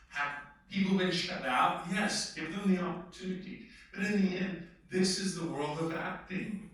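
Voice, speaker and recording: Animated man in an echoey room. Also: fairly high pitch, recorded from a distance. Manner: emphatic, conversational, slips into mock voices. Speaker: actor and workshop guest. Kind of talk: animated talk to a live audience. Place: workshop room with an audience.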